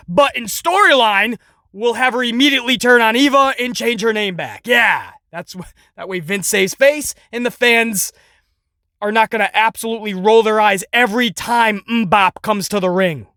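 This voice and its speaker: A man rants through his wrestling commentary with sarcasm and a steady stream of profanity. His voice is bright and sharp, recorded dry and close. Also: sits high, a little slow, no room sound. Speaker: podcast host.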